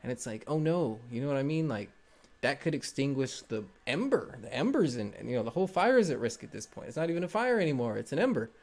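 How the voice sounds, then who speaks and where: A man's voice: mid-range voice, big pitch swings, fast, a little mellow. A man doing a live tarot reading, encouraging and loose, rambling with many fillers. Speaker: tarot reader.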